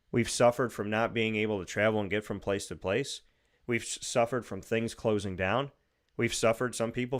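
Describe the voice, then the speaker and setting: A man's voice: medium pitch, fairly bright tone. A man hosting a radio show, delivering an emphatic, opinionated monologue and acting out imagined speakers. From United States.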